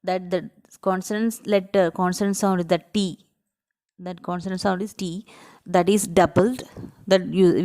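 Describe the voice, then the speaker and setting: Woman teacher explaining grammar slowly. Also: lowish voice, darkish tone. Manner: explains step by step, often checks with "right?"; spells out letters and breaks words into syllables slowly. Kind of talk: grammar lesson for children.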